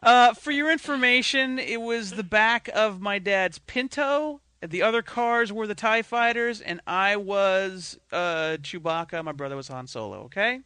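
A man's voice: sits high, lively intonation, measured pace, hardly any pauses, bright, forceful tone, clean tone, dry recording. A man co-hosting a podcast, telling rambling, self-deprecating stories in casual banter. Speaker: podcast co-host.

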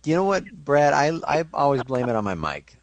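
A man's voice: on the high side, very animated, moderate pace, dry recording. A man co-hosting a podcast in casual comedic chat, wry and self-deprecating. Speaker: podcast co-host.

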